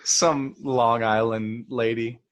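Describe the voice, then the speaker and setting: A man's voice: mid-range voice, steady tone, slow pace, dull audio, slight background noise. A man co-hosting a podcast in casual chat, laughing often and exclaiming. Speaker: podcast co-host.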